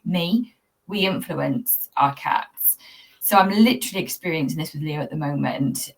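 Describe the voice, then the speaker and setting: A woman coaching pet owners in a talk-to-camera video, speaking in an earnest, reflective, gently spiritual way. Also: low voice, breathy edge. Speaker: cat anxiety coach. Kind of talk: talking-to-camera tips video.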